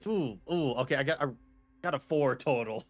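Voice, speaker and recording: A man playing a tabletop game, casually narrating his character with halting speech. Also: mid-range voice. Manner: halting, with many fillers.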